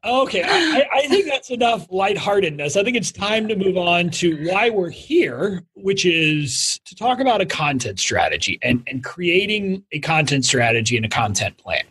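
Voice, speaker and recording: A man's voice: sits high, big pitch swings, moderate pace, hardly any pauses, a bit bright, husky. A man hosting a podcast interview, teasing his guest playfully before steering back to the topic. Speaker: podcast host.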